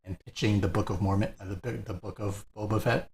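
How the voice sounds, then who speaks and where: A man's voice: lowish voice, steady tone, fairly quick, gravelly, crowd noise. A man co-hosting a live painting stream, chatting casually, laughing often and greeting viewers by name.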